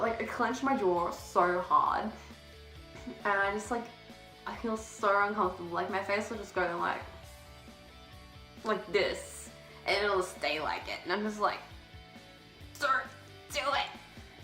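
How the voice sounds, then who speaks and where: A woman's voice: mid-range voice, a bit bright. Teen girl vlogger, breathless and giggly, casual swearing, roomy echo. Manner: chatty, swears casually, laughs often. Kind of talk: casual chat to camera. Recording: echoey room.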